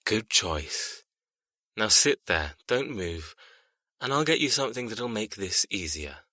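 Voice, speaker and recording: A man's voice: big pitch swings, sharp tone, dry recording, studio quality, exaggerated voice. A man voicing a cold, menacing controller. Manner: low, slow, threatening. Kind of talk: audiobook character reading.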